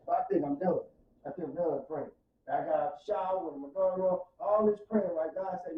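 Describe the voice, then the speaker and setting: A man's voice: on the high side, quick pace, dull audio. Fervent St. man, roomy distant sound. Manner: fervent, preacher-like, swings from soft to loud. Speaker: podcast guest. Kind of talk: emotional testimony in casual podcast talk. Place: podcast studio room.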